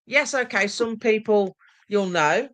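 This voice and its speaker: A woman's voice: medium pitch, measured pace, fairly bright tone. A woman guest in a casual live chat who organises paranormal events, talking in a friendly, reflective way over a video call.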